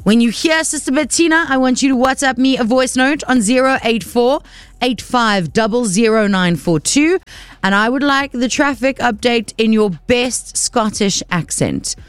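A woman's voice: a little high, moderate pace, clean tone, no room sound. A woman presenting on the radio, chatty and playful with rambling asides. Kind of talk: casual radio chat. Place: radio studio. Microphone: studio microphone.

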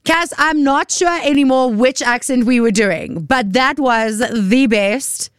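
A woman's voice: sits high, unhurried, clean tone, dry recording. A South African woman hosting a radio show, chatting playfully and poking fun at herself from a studio. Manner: chatty and playful, self-mocking. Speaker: radio host. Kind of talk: casual radio chat. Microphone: studio microphone.

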